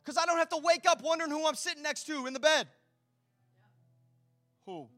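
High-voiced guy preaching, sharp bright tone, goes quiet then loud, lots of "right?" asides. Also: brisk, no room sound, clean studio sound, faint music behind. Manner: dynamic preaching, swings between hushed and loud; conversational asides and rhetorical questions. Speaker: pastor. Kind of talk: sermon.

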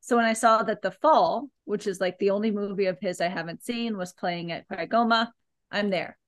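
Woman podcast host rambling through a story, lots of "like", mid pitch, super dry close mic. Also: moderate pace, no echo. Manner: animated, chatty storytelling with lots of "like". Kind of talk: casual chat, recommending a film.

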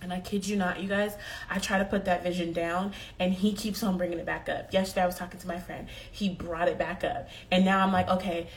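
A young woman speaks to her viewers in an earnest, heartfelt way, often circling back over her words. Her voice sits a little low for a woman. A faint hiss runs under the talk. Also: level tone, fairly quick. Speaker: vlogger. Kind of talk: motivational talk to camera.

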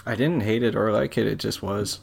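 Gravelly, low-voiced man chatting. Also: brisk. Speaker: podcast co-host. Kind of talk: casual chat.

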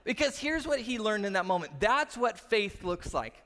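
A male pastor in his thirties delivering a sermon with a fairly high voice. He tells stories with animation and acts out the quotes. The sound carries the long reverb of a large church hall. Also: big pitch swings, normal speed, sharp tone.

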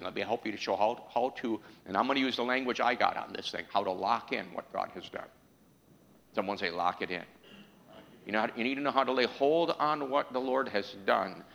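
A man preaching a sermon in a church, calling out questions to the congregation and building to an impassioned pitch. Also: brisk, creaky, a bit bright, big-room sound, rough recording.

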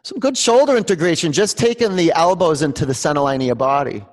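A man's voice: a little high, fast talker, in a large hall. A man teaching a live yoga class, calling out poses and counting breaths, joking with his students by name. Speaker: yoga instructor. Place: yoga studio, large room.

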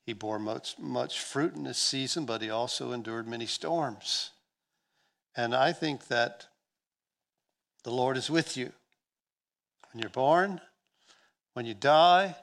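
A man's voice: mid-range voice, creaky. Earnest male pastor preaching. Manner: earnest preaching that swells loud and drops soft, with repeated restarts. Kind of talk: sermon.

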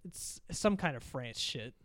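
A young man in casual podcast chat, rambling through a profane, animated story. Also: a little high, measured pace.

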